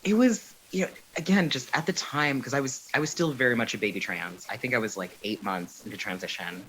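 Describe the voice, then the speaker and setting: A man speaking as a guest in a relaxed interview, telling stories at an unhurried pace with plenty of fillers. A faint hiss sits under the recording. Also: medium pitch, low-quality recording. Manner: relaxed storytelling with frequent fillers. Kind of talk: casual interview chat.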